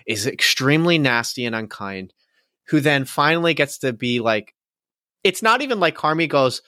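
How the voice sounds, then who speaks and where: A man in casual podcast chat, mid-pitched and loose, trailing into fillers and bursting into laughter. The recording is close and dry, with no room sound around him. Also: animated, normal speed, bright, forceful tone, no room sound. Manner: rambling, lots of "like" and laughter. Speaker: podcast co-host.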